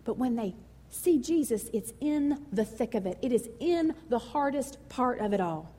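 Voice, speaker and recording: A woman pastor preaching a sermon in a lively, conversational and emotional way. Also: on the high side, moderate pace, breathy edge, in a large hall.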